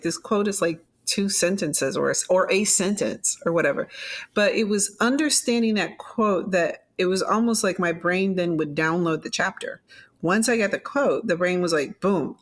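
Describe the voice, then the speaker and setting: A middle-aged woman author talking as a guest in a casual interview, animated, laughing and acting out her own quoted lines. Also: on the low side. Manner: animated, laughing, quoting herself.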